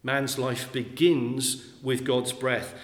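Slow, deliberate preacher in echoey hall. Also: male voice, medium pitch, little pitch movement. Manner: slow, deliberate, repeats key phrases for emphasis. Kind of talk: sermon. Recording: echoey hall with long reverb.

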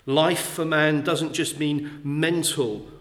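Slow, deliberate preacher in echoey hall. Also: male voice, a little high, steady tone, fairly bright tone. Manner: slow, deliberate, repeats key phrases for emphasis. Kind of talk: sermon. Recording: echoey hall with long reverb.

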